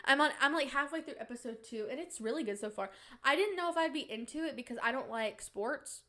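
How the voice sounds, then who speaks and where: Lady podcast host, kinda high voice, rambly and giggly, goes off on playful rants. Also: expressive, fast talker, pushed and bright. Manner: giggly, chatty, mock-indignant rants. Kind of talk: casual rambling chat.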